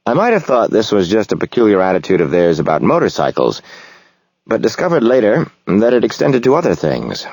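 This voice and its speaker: A man narrating a novel in the first person, reflective and measured. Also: on the low side, huge pitch swings, darkish tone, breathy edge, no room sound. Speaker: audiobook narrator.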